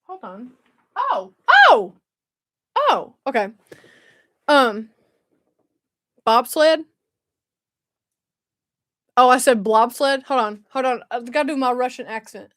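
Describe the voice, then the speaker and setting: Brief: bubbly woman hosting a live chat, bright high voice, dry close sound. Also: slow pace, long pauses, no room sound. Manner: bubbly, laughs often, self-mocking. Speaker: livestream host.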